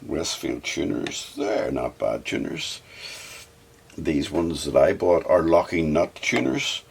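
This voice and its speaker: A man's voice: very deep voice, sing-song, slow pace, gravelly. A man chatting casually to himself and the viewer while he works on a guitar, with sudden sing-song bursts. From Scotland. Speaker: hobby guitar builder. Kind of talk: casual workshop vlog talk. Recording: faint background noise and clicks.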